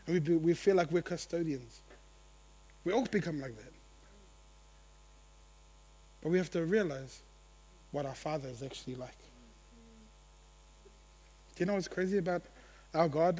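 A man preaching a sermon to his church, animated, acting out the voices of the people in his story. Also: fairly high pitch, normal speed, pauses often, breathy edge. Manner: animated, acts out quotes, laughs at own jokes. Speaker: pastor.

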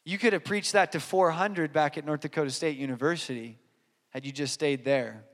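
A man voicing the devil as a quiet, scornful tempter in a sermon story. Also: a little high, normal speed, long reverb tail, voice pushed down. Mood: taunting. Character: whispering taunting devil, male, scornful.

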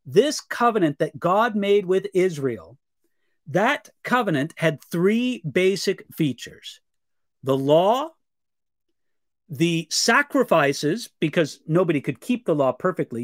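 Male pastor, high voice, dry close sound, earnest live Q&A teaching. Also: animated, no echo. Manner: earnest, measured, reads viewer questions aloud.

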